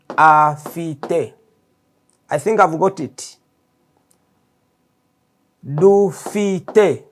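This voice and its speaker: A man teaching his native Kinyarwanda in a slow, patient classroom lesson, repeating each word for learners to copy, with a Rwandan accent. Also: a little high. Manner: repeats words slowly for learners. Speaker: language teacher.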